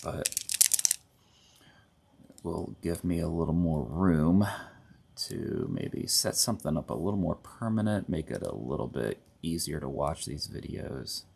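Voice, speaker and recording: A man's voice: extremely low pitch, expressive, a little slow, gravelly, warm tone, a little hiss or hum. A middle-aged man hosting a casual hobby tutorial at home, chatty and rambling, often correcting himself mid-sentence. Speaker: host of a board gaming channel.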